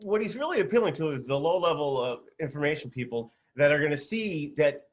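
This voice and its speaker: A man co-hosting a political talk show who chimes in with quick interjections. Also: on the high side, lively intonation, lo-fi sound.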